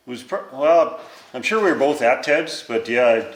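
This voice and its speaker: A man's voice: medium pitch, lively intonation, normal speed. A man chatting casually with dry, wry remarks. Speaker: crew member. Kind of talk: casual chat. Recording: roomy echo.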